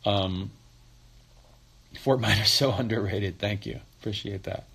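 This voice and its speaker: A man's voice: lowish voice, measured pace, vocal fry, fairly bright tone, husky. Easygoing man chatting on a phone livestream. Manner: loose and chatty, many fillers and restarts. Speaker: musician answering fan questions. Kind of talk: casual livestream chat.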